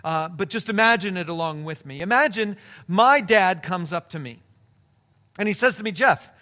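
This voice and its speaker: A man's voice: sits high, animated, moderate pace, pushed and bright. A man preaching a sermon, telling a story with emphatic, shifting pace. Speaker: pastor.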